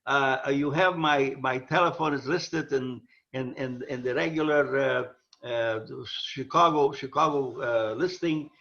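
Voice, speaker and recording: An older man telling a personal story, halting and often repeating words as he restarts. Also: medium pitch, creaky, pushed and bright, roomy sound, highs cut off. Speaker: survivor telling his story.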